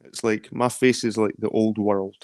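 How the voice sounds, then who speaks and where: A man's voice: lowish voice, flat delivery, moderate pace, a little mellow, no room sound, studio quality. A man with a Scottish accent in a rambling, casual late-night chat, swearing freely. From London. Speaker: chat guest.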